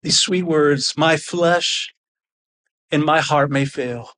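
A man preaching a sermon with fervent, excited intensity that sounds almost angry. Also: fairly high pitch, slow pace. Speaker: pastor.

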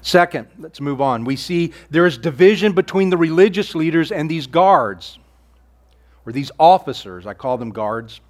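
Male pastor, sermon delivery, slightly high voice, earnest and conversational with hushed emphasis. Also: animated, normal speed. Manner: earnest preaching, rhetorical questions, drops to near-whisper on key lines.

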